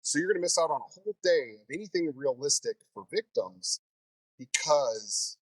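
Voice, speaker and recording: Animated storytelling fire instructor, a man. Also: a little high, moderate pace, slightly rough, no room sound, poor audio. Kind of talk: casual interview.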